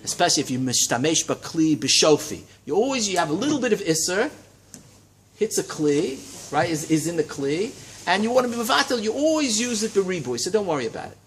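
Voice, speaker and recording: A man teaching a Talmud class in a study hall, lecturing in a lively way and checking in with his students. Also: high-pitched, a little fast, a little hiss or hum. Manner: animated, lively teaching with frequent check-ins and rising emphasis.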